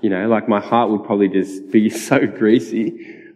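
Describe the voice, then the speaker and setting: A man's voice: lowish voice, steady tone, moderate pace, a little mellow. A man, giving a personal testimony sermon in a casual, chatty way with frequent laughs. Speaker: preacher. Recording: dull, reverberant hall sound.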